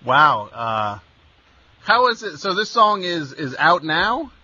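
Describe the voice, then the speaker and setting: Sarcastic radio host guy, bright voice, stammers a lot, kinda dull lo-fi sound. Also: a little high, very animated, takes it slowly, husky, no echo. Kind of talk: radio call-in chat.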